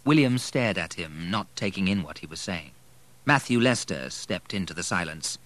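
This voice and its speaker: Bright-voiced male audiobook narrator. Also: sits low, lively intonation, normal speed.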